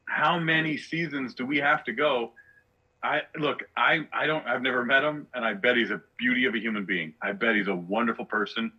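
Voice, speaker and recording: A man's voice: medium pitch, bright, forceful tone, slightly rough, dull audio. A male comedian on a podcast, ranting with sarcastic rhetorical questions in casual chat. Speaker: guest comedian.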